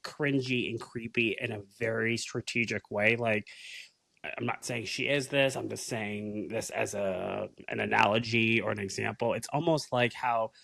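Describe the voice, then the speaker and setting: A man co-hosting a podcast, talking casually in an animated, musing way with the odd swear. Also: lowish voice, moderate pace, creaky, no echo. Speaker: podcast co-host.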